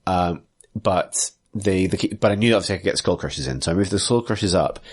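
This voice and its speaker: Low-pitched male podcast co-host, relaxed recap chat, quick and joking. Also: husky. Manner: chatty, quick asides, acts out silly quoted lines. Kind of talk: casual chat recapping a tabletop battle.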